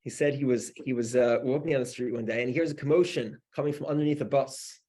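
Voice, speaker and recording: A male rabbi tells a story to his class in a husky voice at a middle pitch. He talks loosely and conversationally, doubling back on his words as he goes. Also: fast, dark tone. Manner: conversational, with many restarts and "you know". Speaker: rabbi teaching a weekly class. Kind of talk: storytelling lesson.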